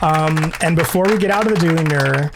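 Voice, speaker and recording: A man's voice: on the high side, quick pace, noisy background. A man co-hosting a podcast in casual chat. He is bubbly, laughs often and rambles with restarts. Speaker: podcast co-host.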